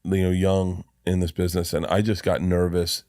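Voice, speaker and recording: Middle-aged comic guy rambling thru a story, lotta restarts, lowish voice, dry close mic. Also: level tone, moderate pace, darkish tone, dry recording. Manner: rambling, self-deprecating, restarts a lot. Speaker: comedian guest. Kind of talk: casual podcast storytelling.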